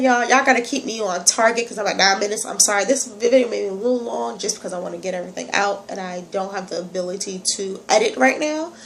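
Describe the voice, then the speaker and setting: A woman's voice: medium pitch, gravelly, fairly bright tone, a little hiss or hum. A young woman from New York with a slight Southern country accent and a stuffy nose, chatting animatedly to her phone camera and digressing often. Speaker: vlogger. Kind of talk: casual talk to camera.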